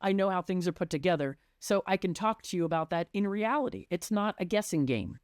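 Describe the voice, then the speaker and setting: A woman's voice: on the low side, expressive, fairly quick, darkish tone, no room sound, studio quality. A woman who works as a residential designer, chatting on a podcast and animatedly acting out conversations with clients.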